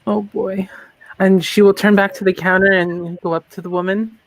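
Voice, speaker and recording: A player in a tabletop role-play game, speaking slowly and deliberately and asking many questions. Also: medium pitch, little pitch movement, dry recording, poor audio. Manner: slow, deliberate, asks questions.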